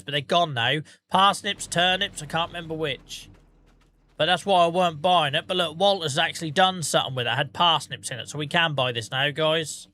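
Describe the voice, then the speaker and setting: Knackered guy streaming, bright kinda high voice, chatty rambly and sweary. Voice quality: tired, swears casually, rambling anecdotes. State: tired. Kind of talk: casual livestream chat with viewers.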